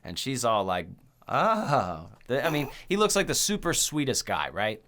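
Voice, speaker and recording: A man hosting a horror movie podcast, telling the story in a rambling, profane, animated way. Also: medium pitch, fairly quick. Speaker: podcast host. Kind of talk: casual movie recap chat.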